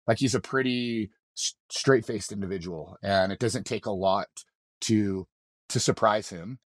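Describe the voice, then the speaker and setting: A man's voice: fairly low pitch, a little slow, no room sound, studio quality. A man, a mountain guide on a podcast, telling a story in a loose, rambling way, full of swearing and restarts. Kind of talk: casual storytelling in an interview.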